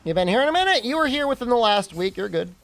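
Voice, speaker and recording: Young american guy streaming, high voice, bouncy and joking, answering chat. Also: fast, gravelly. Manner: animated, joking, reacting to chat questions. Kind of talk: casual chat with live chat.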